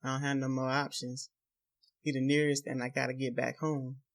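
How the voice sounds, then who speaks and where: A man reading a novel aloud, voicing a timid young rural wife who pleads softly in country dialect. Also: mid-range voice, flat delivery, moderate pace, lightly acted. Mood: breathless.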